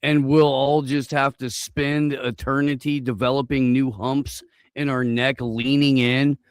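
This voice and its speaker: A man's voice: medium pitch, level tone, measured pace, smooth, no room sound, studio quality. A man hosting a casual chat, rambling and sardonic, with plenty of swearing. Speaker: host.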